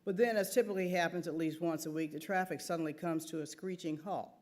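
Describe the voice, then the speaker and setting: A woman's voice: on the low side, steady tone, fast, a little mellow. A woman author reading her own first-person novel aloud at a theater event, wry and conversational.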